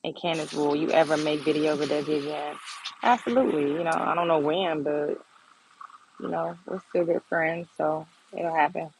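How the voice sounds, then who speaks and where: Her voice is low and creaky at a normal speed, and the poor audio has a little hiss or hum. She's a young woman on a casual phone livestream from a garden, sassy, blunt, and laughing often.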